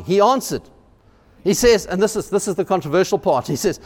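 A male pastor preaching a sermon in a church, animated, often repeating words and acting out quotes. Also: high voice, moderate pace, long reverb tail.

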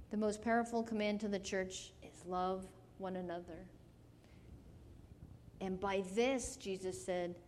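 A woman's voice: mid-range voice, darkish tone, in a large hall, slight background noise. A woman preaching a sermon, telling a personal story earnestly and growing emotional. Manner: earnest, rising to emotional intensity.

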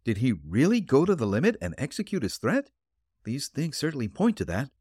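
A man's voice: medium pitch, wildly swooping pitch, brisk, darkish tone, breathy edge, dry recording, clean studio sound, pitched above the performer's own voice. A man reading the part of an eager young male detective assistant who keeps questioning and reacting with surprise.

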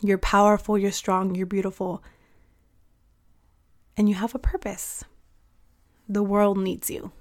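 A woman's voice: mid-range voice, fairly bright tone. A young adult woman hosting a podcast, giving a heartfelt, encouraging pep talk to her listeners. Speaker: podcast host.

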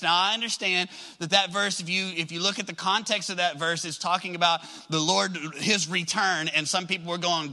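A man's voice: high-pitched, fairly even intonation, brisk, hardly any pauses, pushed and bright, low-quality recording. A man preaching a sermon in a conversational way, asking the congregation questions and acting out prayers. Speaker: pastor.

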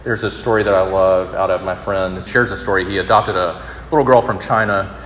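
Guy preaching to college kids, low voice, big echoey hall, gets loud then real soft. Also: fairly even intonation, fairly quick, slight background noise. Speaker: campus minister. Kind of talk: sermon. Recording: roomy hall with long reverb.

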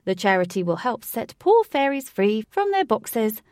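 A woman's voice: fairly high pitch, lively intonation, unhurried, dark tone, no room sound, clean studio sound. A woman voicing an eccentric, flamboyant male showman who announces theatrically to a crowd.

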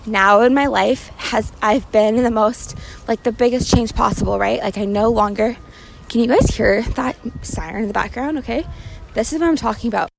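Young woman, podcast host, casual rambling talk, raised pitch, gravelly fry, walking down a city street, faint traffic and sirens behind her. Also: normal speed. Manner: rambling, candid, laughs often. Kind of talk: casual solo podcast episode. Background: sirens, cars, restaurant fan.

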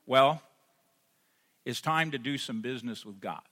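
A man preaching a sermon as pastor, rising to emphatic peaks and then dropping soft and intimate. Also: medium pitch, measured pace. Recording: long hall reverb.

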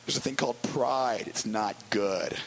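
A man preaching a conversational sermon as pastor, wry and storytelling with quick asides. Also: medium pitch, vocal fry, slight background noise, low-quality recording.

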